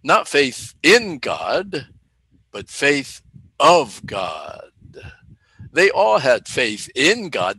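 A man delivers a teaching sermon at an unhurried pace, his pitch rising and falling a lot. His voice is bright and a little husky. He often asks a question and then answers it. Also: rough recording. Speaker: Bible teacher.

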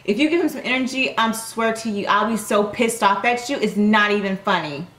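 A woman hosting an anime reaction video, swearing, gasping and shouting at the screen. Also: mid-range voice, fairly quick, echoey room. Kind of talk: excited reaction commentary.

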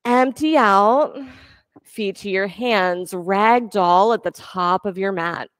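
A woman yoga instructor giving calm, encouraging cues for breath and poses during a class. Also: mid-range voice, slow pace, clean tone, dry recording, studio quality.

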